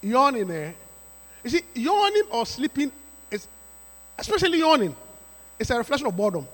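A pastor preaching a sermon to his congregation, emphatic and repetitive, with sudden rising shouts. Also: very high-pitched, very animated, moderate pace. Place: church sanctuary. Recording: reverberant church hall.

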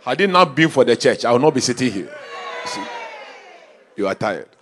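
Lively preaching man, crowd murmuring. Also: mid-range voice, moderate pace, a little hiss or hum. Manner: storytelling preacher, swings from quiet asides to shouted calls. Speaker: pastor. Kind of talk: sermon. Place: church.

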